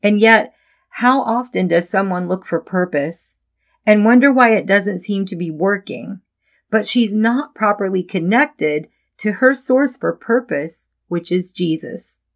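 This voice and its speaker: A middle-aged woman hosting a devotional podcast as a Christian life coach, talking in a gentle, encouraging, reflective way. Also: medium pitch, a little slow.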